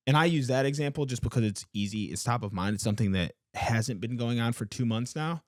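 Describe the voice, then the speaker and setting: A man's voice: mid-range voice, fairly quick, no room sound, studio quality. A man co-hosting a podcast, talking earnestly in casual chat, leaning on fillers and emphatic turns. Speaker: podcast co-host.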